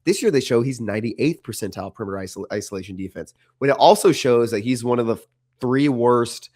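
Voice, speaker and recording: A man's voice: mid-range voice, fast talker, darkish tone. Guy breaking down his team's play on a podcast, opinionated, lots of likes and restarts, ordinary voice. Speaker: podcast co-host. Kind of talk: casual sports chat.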